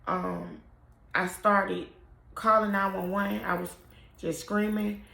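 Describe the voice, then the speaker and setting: A young woman tells the story of losing her son, halting and emotional, often trailing off. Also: medium pitch, flat delivery, creaky, bright, forceful tone. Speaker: mother telling her story. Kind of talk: personal storytelling to camera. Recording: roomy echo.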